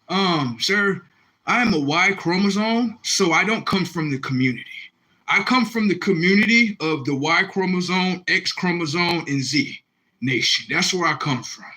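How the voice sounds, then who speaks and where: A young man on a live stream, reacting to viewer comments in a confrontational, repetitive rant with loud outbursts. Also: fairly high pitch, breathy edge, poor audio. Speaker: livestreamer.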